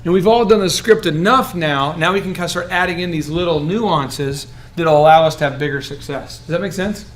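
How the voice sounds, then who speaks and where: A man coaching a room of business owners, animated and joking, often acting out the voices of people he describes. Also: a little high, fairly quick, few pauses. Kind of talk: coaching workshop talk.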